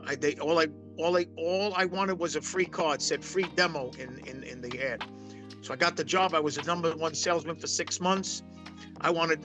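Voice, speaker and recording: A man, telling his life story as a guest in a long rambling interview, full of restarts. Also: fairly high pitch. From Brooklyn, New York. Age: 60s. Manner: rambling, emphatic, many restarts. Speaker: poker pro guest.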